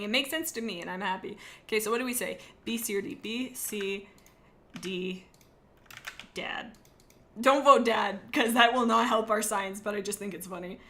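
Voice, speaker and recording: A woman's voice: medium pitch, bright, forceful tone. A woman streamer chatting casually to her live viewers, rambling and joking as she goes.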